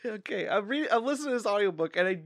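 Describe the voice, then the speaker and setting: A man in his thirties recapping a book in casual, chatty commentary, animated and quick to laugh. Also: sits high, a little hiss or hum. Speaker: book reviewer.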